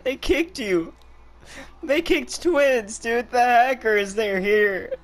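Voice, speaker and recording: A man giving live commentary while gaming, making excitable callouts to teammates and repeating words in quick bursts. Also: very high voice, faint music behind. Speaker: gamer.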